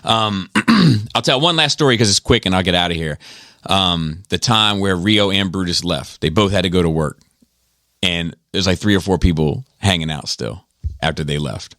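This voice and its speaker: Brief: deep-ish male podcast host, loose, rambling, swears a lot, dry mic. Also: moderate pace, a bit bright, no echo. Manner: rambling, profane, many fillers. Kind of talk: casual storytelling.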